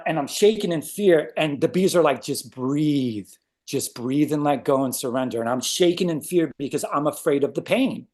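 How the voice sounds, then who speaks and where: A man casually telling a personal story as a guest, animated and acting out his own reactions. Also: a little high.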